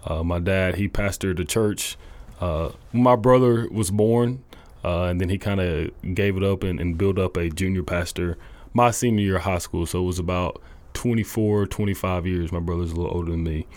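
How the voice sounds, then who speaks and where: A young man, a college football coach, telling his faith story in a halting, earnest way full of restarts. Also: sits low, darkish tone, no echo. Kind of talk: casual testimony interview.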